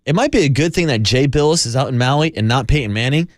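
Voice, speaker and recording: A man co-hosting sports radio, playful and quick to react. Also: medium pitch, no echo, clean studio sound. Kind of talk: casual sports radio banter.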